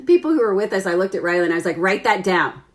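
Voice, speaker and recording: A woman in her forties telling a funny story to her followers on a live stream, laughing often, swearing, and acting out quotes in a loud, high voice. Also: expressive, fast talker.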